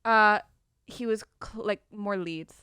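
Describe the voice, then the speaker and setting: Bright, clear-voiced woman co-host. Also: medium pitch, takes it slowly, dry recording. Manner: enthusiastic, reactive banter. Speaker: podcast co-host. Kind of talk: casual chat. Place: podcast studio. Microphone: studio microphone.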